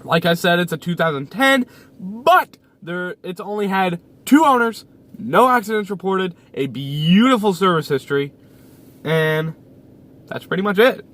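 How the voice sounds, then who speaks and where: A young man with a somewhat high voice talks to his viewers from inside his parked car. He rambles in a loose, casual vlog style, full of fillers and repeated lines. The sound is picked up by a camera sitting on the dashboard. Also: expressive, a little slow, fairly bright tone. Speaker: YouTuber. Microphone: camera mounted on the dash.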